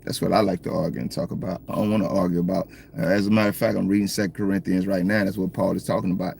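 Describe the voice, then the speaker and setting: A man's voice: sits low, level tone, rapid-fire, vocal fry, a little mellow, slight background noise. A man with a Southern American accent, sitting in his parked car and chatting casually with viewers on a livestream, joking and reading their comments. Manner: laid-back, joking, talks straight to viewers. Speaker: livestream host.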